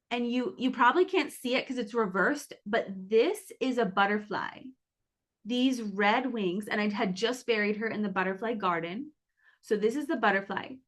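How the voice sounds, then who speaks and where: A woman's voice: a little high, fairly bright tone. A woman who founded a cacao brand, casually and earnestly sharing a spiritual story with her online community from a hotel room, full of "like"s and restarts. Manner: earnest, emotional, many "like"s and restarts.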